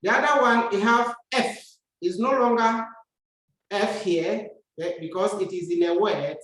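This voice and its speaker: A woman teaching a lesson, speaking slowly and patiently and repeating words for her learners to practice. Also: medium pitch, a bit bright. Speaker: French teacher. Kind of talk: classroom lesson. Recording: very echoey room, far from mic.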